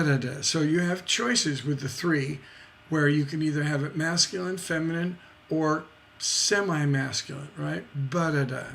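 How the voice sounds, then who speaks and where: A man's voice: fairly high pitch, vocal fry, fairly bright tone. A man teaching songwriting in a livestreamed lesson, scatting syllables to show rhythm and checking in with "right?".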